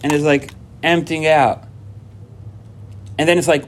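At a recovery workshop, an adult father gives a personal talk, animatedly telling stories and acting out quoted dialogue. He often repeats himself and restarts sentences, speaking at a fairly high pitch and an unhurried pace.

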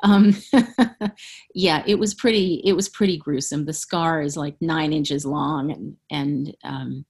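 A woman's voice: deep voice, slow pace, darkish tone, husky. A middle-aged woman, an author being interviewed, speaking candidly and frankly and laughing often. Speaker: author guest. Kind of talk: interview conversation.

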